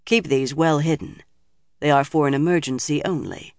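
A man's voice: a little high, moderate pace, a little mellow, no echo, natural voice. A man voicing a dry, authoritative older woman leader in an audiobook reading. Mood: firm.

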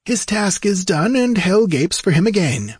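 A man's voice: medium pitch, very animated, breathy edge, dry recording, clean studio sound, pitched above the performer's own voice, exaggerated voice. Man voicing a sinister gloating sorcerer. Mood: pleasant. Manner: gloating, slow and theatrical. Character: sinister mocking ageless male sorcerer.

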